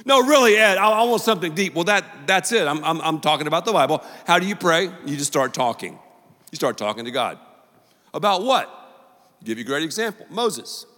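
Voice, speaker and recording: A male pastor preaching a sermon in a joking, animated way, full of quick asides, in a large church auditorium. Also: fairly high pitch. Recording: long reverb of a large hall.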